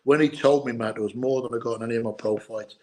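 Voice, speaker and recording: A middle-aged Irish man, a former boxer, telling stories in an interview, halting and repeating words, tearful at times. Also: medium pitch, steady tone, darkish tone, poor audio. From Ireland. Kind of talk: emotional storytelling interview.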